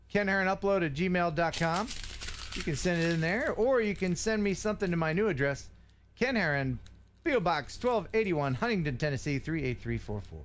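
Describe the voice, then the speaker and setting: A man's voice: a little high, slight background noise. A man hosting a casual live stream about drones, joking and teasing his co-host, laughing often. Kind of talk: casual chat.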